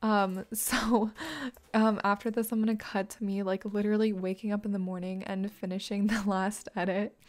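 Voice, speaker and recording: A woman's voice: medium pitch, little pitch movement, moderate pace. A young woman chatting casually while editing and playing a horse game, laughing often, in a tired morning voice. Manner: chatty, giggly, self-deprecating. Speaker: gaming YouTuber. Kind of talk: casual gameplay commentary. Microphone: desk USB microphone.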